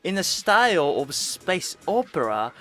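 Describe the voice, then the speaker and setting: Lively, bright-voiced man chatting slowly. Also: high-pitched, faint music behind. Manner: laughs often, halting with many restarts. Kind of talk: casual chat.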